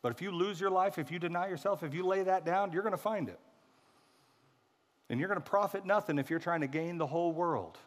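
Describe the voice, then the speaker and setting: A man's voice: sits high, brisk, big-room sound. A male pastor giving a casual, humorous sermon and acting out quoted voices. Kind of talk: conversational sermon.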